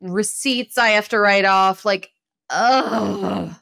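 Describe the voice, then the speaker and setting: A woman in her thirties hosts a podcast in a loose, casual solo chat. She tells stories in an animated, chatty way and breaks into laughter often. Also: medium pitch, normal speed. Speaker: podcast host.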